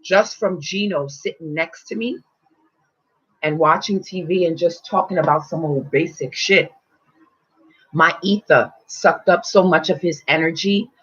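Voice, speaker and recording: A woman spiritual teacher telling a personal story in casual, animated talk, swearing freely and acting out quotes. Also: fairly low pitch, measured pace, slightly rough. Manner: animated, swearing, acts out quotes in loud voices. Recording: dull lo-fi recording.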